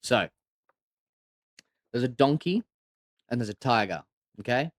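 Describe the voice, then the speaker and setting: A man co-hosting a casual livestream show, telling stories in a loose, animated way with constant swearing. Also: mid-range voice, unhurried, dry recording. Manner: profane, animated storyteller. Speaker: co-host. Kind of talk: casual podcast chat and storytelling.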